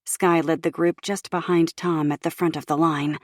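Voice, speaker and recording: A woman narrating an audiobook in a measured, even storytelling manner from a recording booth. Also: deep voice, dry recording, clean studio sound.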